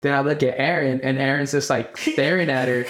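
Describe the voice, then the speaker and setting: A young podcast co-host spins a rambling, animated story in easy casual chat. His voice sits at an ordinary middle pitch, and he acts out his friends' lines as he goes. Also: a little fast.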